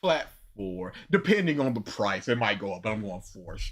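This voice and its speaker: A co-host reacting to a played clip with teasing, jokey commentary and mock-shouted asides. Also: mid-range voice, sing-song, normal speed.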